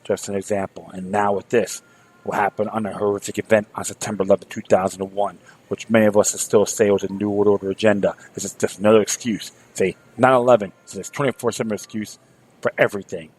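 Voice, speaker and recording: A man's voice: lowish voice, little pitch movement, fast talker, a little mellow, husky, poor audio. Fiery, sarcastic man hosting political talk. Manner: sarcastic, fiery, rallying listeners; rambling, repeats words when starting sentences. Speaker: show host. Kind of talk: political commentary talk show.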